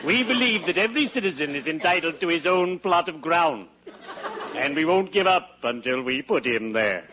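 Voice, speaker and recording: Brief: man as a droll, morbid undertaker, mid-high voice, old radio sitcom, heavy hiss on a dull lo-fi recording. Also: expressive, a loud crowd, lightly acted. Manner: dry, punning, unhurried. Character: wisecracking middle-aged male undertaker, cheerfully morbid. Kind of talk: 1940s radio sitcom acting.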